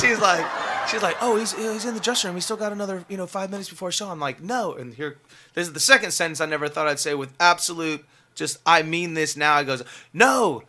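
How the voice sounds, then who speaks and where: A young male musician chats as a podcast guest, racing through his story with a bright, forward tone. His talk rambles and tumbles over itself, stacked with filler words, and sits somewhat high for a man. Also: fairly quick. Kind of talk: casual storytelling in a podcast interview.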